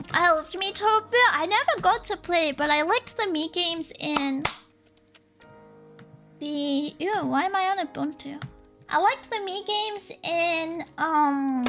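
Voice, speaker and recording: Very high, bright-voiced young woman. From Sweden. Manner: giggly and playful. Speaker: streamer. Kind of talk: casual chat while reading viewer comments. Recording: soft lo-fi music underneath.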